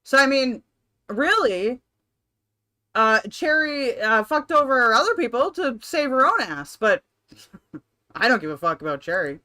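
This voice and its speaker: Bright-voiced, blunt, sarcastic woman streamer. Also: a little high, big pitch swings, measured pace, long pauses. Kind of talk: live stream reaction commentary.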